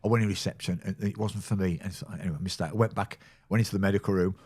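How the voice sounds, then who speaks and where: A man in his sixties, a former football physio, telling lively anecdotes in a casual podcast chat and acting out the people he quotes. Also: deep voice, rapid-fire, slightly rough. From England. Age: 60s. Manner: storyteller who acts out quoted people, laughing often.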